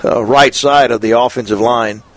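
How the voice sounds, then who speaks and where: A man giving color commentary on a football game, slow and relaxed, with many fillers and small chuckles. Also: medium pitch, no echo. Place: press box above the field.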